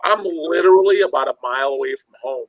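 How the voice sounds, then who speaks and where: A man's voice: a little high, fast talker, creaky, low-quality recording. Rambling, profane man telling a story. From Illinois, USA. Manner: rambling, profane, acts out the other voices in his stories. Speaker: podcast host. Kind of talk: casual storytelling chat.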